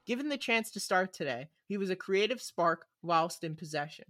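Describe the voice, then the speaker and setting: A man's voice: high-pitched, lively intonation, normal speed, a bit bright, no echo, clean studio sound. Young man teasing while reading ratings. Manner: teasing, reads ratings aloud. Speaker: podcast co-host reading player ratings. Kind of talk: casual podcast chat.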